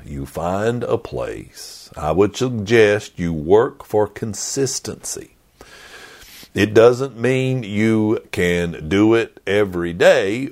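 Low-voiced pastor guy giving a sermon, real slow and deliberate, earnest. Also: a little mellow. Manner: earnest, repetitive, deliberate pauses.

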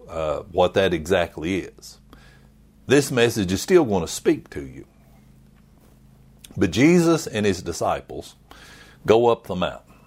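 A middle-aged male pastor delivering a sermon at an unhurried, deliberate pace. His voice sits low, yet it swings widely in pitch, and now and then he drops suddenly to a whisper.

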